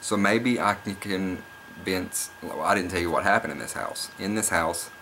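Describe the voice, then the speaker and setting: A young man vlogging, rambling excitedly through a spooky personal story, often restarting and repeating himself. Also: low voice, normal speed, slight background noise. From Oklahoma. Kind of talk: casual storytelling vlog.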